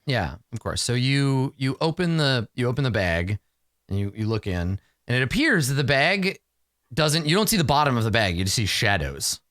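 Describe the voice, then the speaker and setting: A man running a tabletop game as dungeon master, narrating scenes and talking quickly with his players in asides. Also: mid-range voice, big pitch swings, a bit bright, dry recording, clean studio sound.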